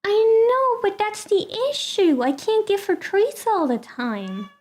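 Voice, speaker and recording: A woman's voice: very high voice, big pitch swings, slow, darkish tone. A woman streamer chatting casually with her viewers and talking fondly to her cat.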